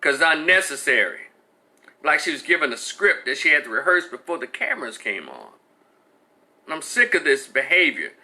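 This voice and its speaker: Brief: exasperated male commentator, blunt and profane, sharp and bright sound. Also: a little high, big pitch swings, normal speed. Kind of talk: heated opinion rant.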